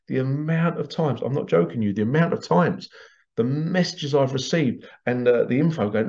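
A man with a gravelly edge to his mid-range voice tells workshop stories in a chatty, animated way, often breaking into laughter. The sound is dull and lo-fi. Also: medium pitch, a little fast. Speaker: past life regression workshop leader. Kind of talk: casual storytelling promo. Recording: dull lo-fi recording.

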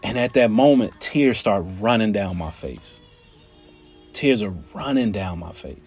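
A man telling a personal story in an animated, conversational way, often turning to his listeners with "right?" and "y'all". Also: lowish voice, measured pace, husky, soft background music.

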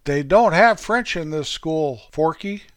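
A man voicing Earl, a naive, puzzled high school freshman boy, in a raised voice. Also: animated, a little slow, no room sound, studio quality.

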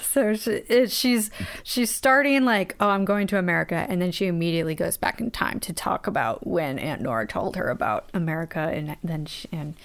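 A woman's voice: fairly low pitch, creaky. A woman co-hosting a podcast, chatting casually about a book, meandering and laughing often. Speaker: podcast co-host. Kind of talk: casual book-discussion chat.

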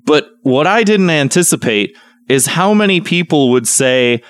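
A man co-hosting a casual podcast, telling a story with mock outrage that climbs toward near shouting. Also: on the high side, expressive, measured pace, dry recording. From Chicago. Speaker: podcast co-host.

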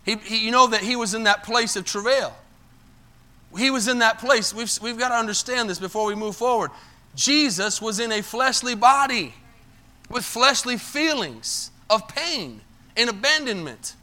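A male pastor delivers a sermon at a moderate, expressive pace, tossing asides to the congregation. He swings between loud, emphatic bursts and low, quiet lines.

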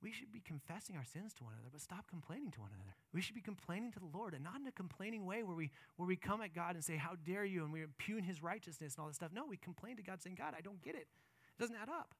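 A male pastor delivers a sermon in a notably high voice, pressing his points with impassioned emphasis and then easing into calmer reflection. The sound is dry and close, with no room echo. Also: very fast, hardly any pauses, breathy edge. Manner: impassioned, emphatic preaching that swings between loud and soft.

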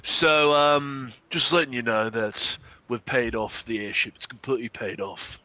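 A man's voice: mid-range voice, fairly even intonation, unhurried, sharp tone, no room sound, rough recording. A man voicing a cheerful, frog-like grung adventurer who talks chummily and calls people "mate". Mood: chummy.

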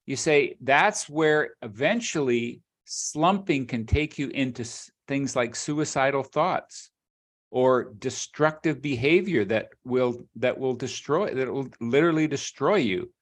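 A man's voice: mid-range voice, a little slow. Earnest middle-aged man sharing reflections. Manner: earnest, reflective, uses sayings and analogies. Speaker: podcast co-host. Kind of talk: casual podcast conversation.

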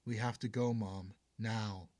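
A man's voice: fairly low pitch, steady tone, takes it slowly, darkish tone, no room sound. A man voicing a determined teenage girl rebel in an audiobook, urgent and pleading. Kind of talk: audiobook character voice.

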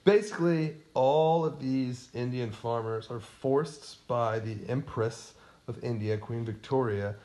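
A man's voice: mid-range voice, measured pace, dark tone. Man quizzing his co-host playfully. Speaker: podcast co-host. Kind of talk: casual history podcast chat.

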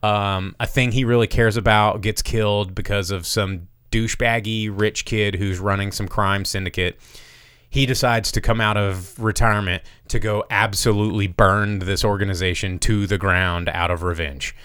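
A man hosting a casual movie review chat, telling plots with profanity and quick acted-out lines. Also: on the low side, steady tone, a bit bright, clear, resonant tone, no room sound, studio quality. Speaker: podcast host reviewing movies.

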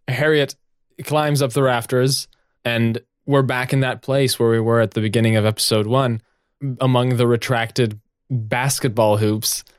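A man narrating a tabletop role-playing game as game master, animated and full of fillers. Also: medium pitch, a little slow, clean tone, dry recording, clean studio sound.

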